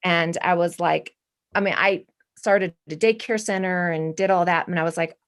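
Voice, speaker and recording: A woman's voice: on the low side, fairly even intonation, moderate pace. A woman in her forties, a guest artist, talking in an earnest, rambling way with many restarts. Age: 40s. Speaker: guest artist and art professor. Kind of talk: spiritual casual interview.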